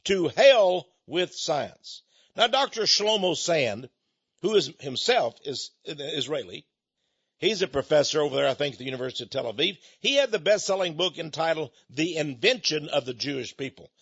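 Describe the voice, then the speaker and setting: A man's voice: a little high, a bit bright, slightly rough. An older man preaching a folksy, rambling sermon monologue with chuckling asides, speaking as the head of his own ministry. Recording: dull lo-fi recording.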